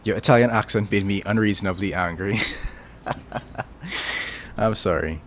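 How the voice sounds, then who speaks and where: Trinidadian guy w a deep voice, rambly easygoing stream chat, lots of likes and ums. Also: a little slow, slight background noise. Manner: rambling, thinks aloud with many fillers. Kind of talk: casual chat.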